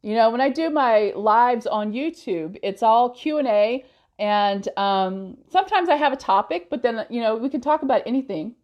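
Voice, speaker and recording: A woman's voice: fairly high pitch, animated, moderate pace, muffled recording. Chatty woman streaming live. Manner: chatty, laughs often, blunt with trolls. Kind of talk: casual live-stream chat reading comments.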